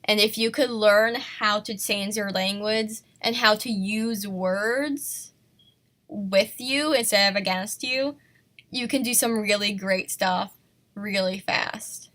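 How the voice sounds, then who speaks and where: A woman with a bright, forceful tone talks through an art lesson at an unhurried, slow pace. She is sick and self-conscious, laughing at herself and apologizing as she goes. It sounds like a casual home recording. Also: medium pitch. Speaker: art tutorial host.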